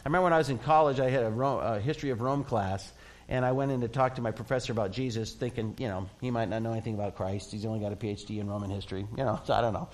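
A man's voice: mid-range voice, rapid-fire, a little mellow. A man preaching a sermon as a pastor, in a conversational way, acting out quoted voices and often laughing.

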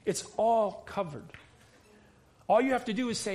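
A pastor with a noticeably high voice, preaching a sermon. He talks through the passage in a loose, conversational way, stopping and restarting phrases and dropping in casual asides. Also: moderate pace, darkish tone. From United States.

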